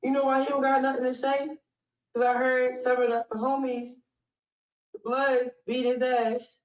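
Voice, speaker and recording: Woman livestreamer, high-pitched, accusing rant, roomy far-off lo-fi replay. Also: little pitch movement, normal speed. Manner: accusing, taunting. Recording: distant roomy lo-fi clip.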